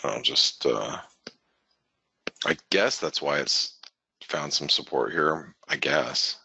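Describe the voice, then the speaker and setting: A man's voice: rumbling low, slow, creaky, bright, forceful tone, husky, no echo. A man hosting a webinar, giving casual live market commentary in a rambling way that keeps correcting itself and restarting. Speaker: forex market analyst, webinar host.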